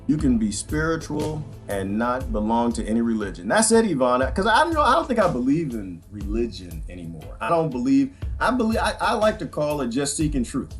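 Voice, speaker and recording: A man hosting a rambling livestream monologue, animated and joking, laughing often. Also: mid-range voice, fairly quick, hardly any pauses, faint music behind.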